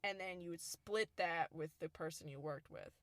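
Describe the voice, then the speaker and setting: A young woman co-hosting a podcast, telling stories in a casual, animated way with quick asides. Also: lowish voice, no room sound. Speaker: podcast co-host. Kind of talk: casual storytelling chat.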